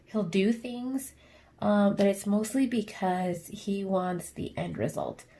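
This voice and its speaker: Woman, young adult, craft vlogger, rambling rant, gravelly fry, mellow tone. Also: mid-range voice, lively intonation, slow. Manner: rambling and ranty, many fillers. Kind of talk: casual chat while diamond painting.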